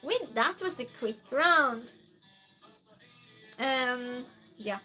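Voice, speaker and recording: Slow, bright-voiced woman streamer. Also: high voice, expressive, faint music behind. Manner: reads viewer comments aloud and greets each by name. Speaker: streamer hosting a chat game. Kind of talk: casual live-stream chat.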